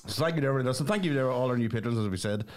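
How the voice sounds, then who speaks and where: A man, co-hosting a podcast, trading quick, teasing banter in a casual chat. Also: mid-range voice, animated. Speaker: podcast co-host.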